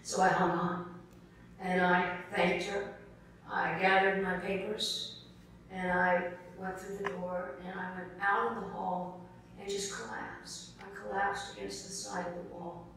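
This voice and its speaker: A middle-aged South Carolina woman accepts an award in a large formal hall, speaking a little slowly in a low-ish, level, slightly bright voice. She tells stories earnestly and keeps calling the audience "folks," picked up from a distance with hall echo and slight background noise.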